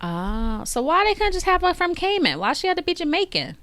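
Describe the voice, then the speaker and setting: Lively gossiping woman podcast host. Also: very high voice, a little fast, no echo. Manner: animated gossip, Southern Black American slang. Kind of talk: casual chat.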